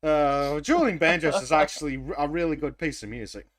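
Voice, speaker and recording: A man's voice: on the high side, brisk, a bit bright. A man co-hosting a gaming podcast in casual chat, laughing often and swearing freely. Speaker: podcast co-host.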